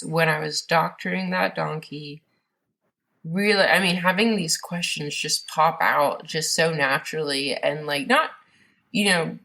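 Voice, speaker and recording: A woman's voice: low-pitched, vocal fry, fairly bright tone. A woman guest on a podcast, telling her story in a rambling, casual way with many fillers and restarts.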